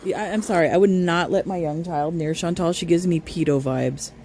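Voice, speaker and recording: A woman's voice: lowish voice, a little fast, a little mellow, a little hiss or hum. A woman hosting a reaction channel, cutting in with blunt, scornful, sarcastic remarks. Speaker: commentary channel host.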